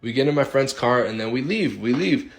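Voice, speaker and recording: A man's voice: medium pitch, brisk, slight background noise. Man telling a casual ghost story. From Illinois. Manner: animated, acts out friends' quotes, swears freely.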